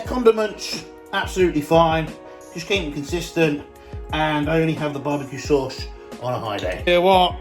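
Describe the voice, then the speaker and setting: A young British fitness coach talks through his day in a loose, excitable way, swearing freely and joking as he goes. His voice sits a little high for a man. Faint music plays behind him. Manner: energetic, sweary, chatty. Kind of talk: casual day-in-the-life vlog.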